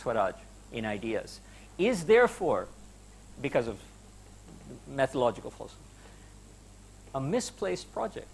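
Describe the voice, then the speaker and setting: A man's voice: medium pitch, lively intonation, normal speed, creaky, long pauses, a little mellow, slight background noise. A man giving an academic lecture to students, emphatic and conversational, with rhetorical questions and some hesitation fillers. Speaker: university lecturer. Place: lecture hall.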